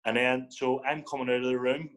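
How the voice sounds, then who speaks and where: A Northern Irish man at a middling pitch, spinning casual stories as a podcast guest. He tells his anecdotes with animation and slips into the voices of the people he quotes. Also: flat delivery, fairly quick, poor audio. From Northern Ireland. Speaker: podcast guest, former footballer. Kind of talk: casual storytelling.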